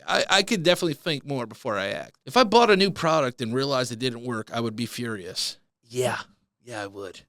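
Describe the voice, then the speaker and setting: A man's voice: medium pitch, a bit bright, no room sound. A man hosting a comedic solo podcast, ranting in a profane, mock-outraged way. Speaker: podcast host.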